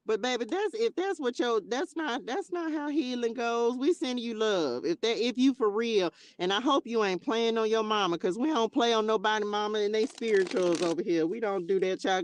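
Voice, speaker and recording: Woman livestream host at mid pitch, chatty and expressive, on a dry tablet mic. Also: dry recording. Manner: chatty and expressive, calls viewers baby and child, bursts of laughter. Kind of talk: casual livestream chat with viewers.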